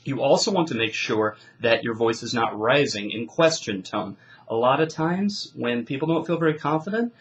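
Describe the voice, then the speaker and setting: A man's voice: medium pitch, animated, fairly quick, poor audio. A man coaching debaters, giving instruction in an emphatic, declarative way. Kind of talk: instructional talk.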